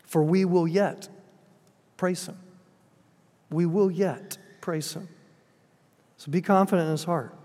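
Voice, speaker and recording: A man preaching a sermon and praying, earnest, often sinking to soft, quiet phrases at emotional moments, recorded in a church hall. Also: sits high, steady tone, slow, pauses often. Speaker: pastor. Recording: long reverb of a large hall.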